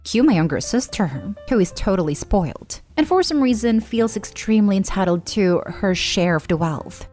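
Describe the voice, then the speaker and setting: A woman in her twenties reading an online advice post aloud in a plain, even way. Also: medium pitch, moderate pace, few pauses, soft background music. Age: 20s. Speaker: storyteller.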